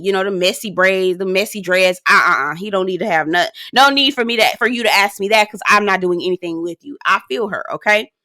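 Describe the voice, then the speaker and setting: A woman in her thirties giving a sassy, animated recap of a reality show, with laughing asides and quoted lines. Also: mid-range voice, fairly quick, hardly any pauses, no room sound, clean studio sound. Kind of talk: casual recap commentary.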